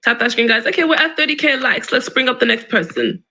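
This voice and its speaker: A man hosting a live stream, arguing combatively and cutting in with quick rebuttals. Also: very high-pitched, big pitch swings, bright, forceful tone, poor audio. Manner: combative, interrupting, fast rebuttals. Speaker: livestream host. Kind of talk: argumentative live-stream debate.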